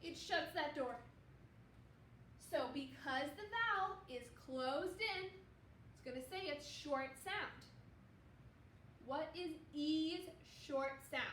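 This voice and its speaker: A woman's voice: sits high, takes it slowly, long pauses, fairly bright tone. A woman teaching a second grade reading lesson, explaining each step patiently and encouragingly. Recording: roomy, distant mic with faint background hum.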